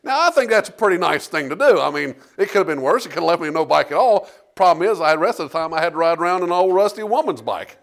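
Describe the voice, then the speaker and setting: A middle-aged man preaching as a pastor, telling stories and asking the congregation for amens. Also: a little high. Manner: lively preaching with call-and-response amens. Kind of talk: sermon with storytelling.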